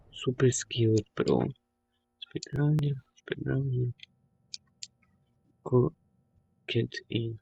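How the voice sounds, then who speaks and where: Guy gaming and cursing a lot, slow gravelly voice, kinda muffled lo-fi mic. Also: mid-range voice, fairly even intonation, warm tone. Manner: swears a lot, non-native phrasing. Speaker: gamer. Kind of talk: casual gameplay commentary. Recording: dull lo-fi game capture.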